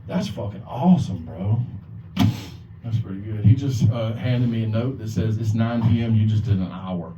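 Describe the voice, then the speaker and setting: A man with a fairly low voice and moderate pace runs an open mic set on a bar or club stage, rambling, swearing often and imitating the people he quotes. The recording is echoey, lo-fi and distant, with a noisy background.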